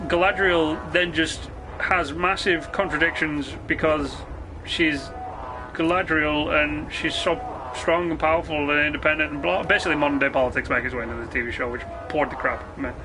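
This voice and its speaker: A man streaming a game, ranting in a sarcastic, sweary, rambling way. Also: a little high. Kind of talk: casual rant while gaming.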